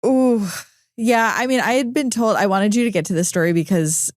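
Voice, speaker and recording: Animated woman telling a story, dry mic. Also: medium pitch, normal speed, no echo. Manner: animated storytelling, acting out quoted voices. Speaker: podcast host. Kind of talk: casual chat.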